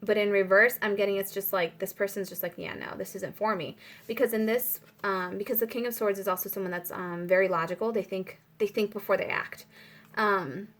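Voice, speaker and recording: A woman's voice: medium pitch, fairly even intonation, brisk. Rambling young woman reading tarot. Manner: rambling, filler-heavy, breaks off to pray aloud. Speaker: tarot reader. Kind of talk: casual spiritual tarot reading.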